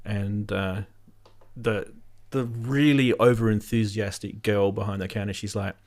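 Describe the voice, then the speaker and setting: Man, Australian accent, lowish voice, casual storyteller, laughs a lot. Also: steady tone, a little slow, a little mellow. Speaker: host. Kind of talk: casual chat on a video call.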